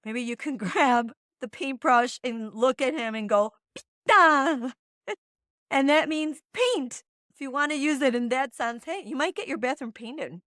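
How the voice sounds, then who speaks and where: A woman's voice: fairly high pitch, normal speed, few pauses, a bit bright, dry recording, studio quality. A woman hosting a podcast, chatting in a bubbly, encouraging way and teaching short Spanish phrases. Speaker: podcast host. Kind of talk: casual chat.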